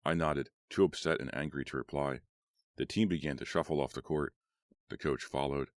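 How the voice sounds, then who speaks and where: A man giving a steady, measured reading as an audiobook narrator. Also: a bass voice, no room sound, studio quality.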